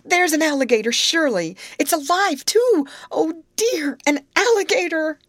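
A woman voicing a nervous, excitable teenage girl who cries out in shrill, breathless exclamations. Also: normal speed, no room sound, studio quality. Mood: panicked.

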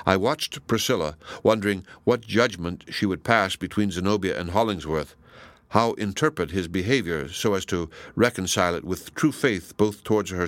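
A man reading a classic novel aloud as audiobook narration, in a measured, deliberate way. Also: lowish voice, fairly bright tone, dry recording. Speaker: audiobook reader. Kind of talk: scripted narration.

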